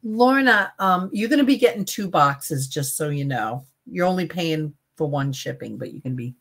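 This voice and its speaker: Low-pitched woman, lively chatty co-host. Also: moderate pace, breathy edge. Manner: warm rambling chatter. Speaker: live sale co-host. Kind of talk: live selling chat.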